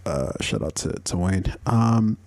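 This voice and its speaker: Profane, rambling man with a mellow voice. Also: sits low, animated, slow, dry recording. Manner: profane, rambling, with frequent fillers and laughs. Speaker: podcast host. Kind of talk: casual commentary podcast.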